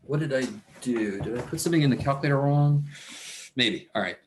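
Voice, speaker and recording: Male math instructor, mid-pitched voice, thinks aloud and grumbles, echoey classroom sound. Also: brisk, a little hiss or hum. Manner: talks to himself while working, mutters and curses under his breath. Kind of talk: recorded classroom lecture.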